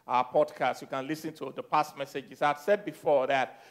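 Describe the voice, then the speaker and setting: A man preaching a sermon as pastor, repeating phrases, leading the congregation in declarations and swinging from soft teaching to loud exhortation. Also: medium pitch, fairly even intonation, normal speed. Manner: repeats phrases and leads call-and-response declarations.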